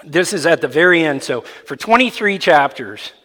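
A man preaching a sermon as a pastor, animated and jokey, sometimes mimicking babble. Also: a little high, normal speed. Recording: long reverb of a hall.

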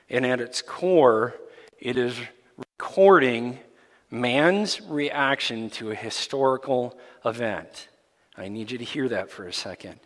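A man preaching a sermon as pastor, swinging from hushed, near-whispered lines to loud, heated ones. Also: medium pitch. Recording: long hall reverb.

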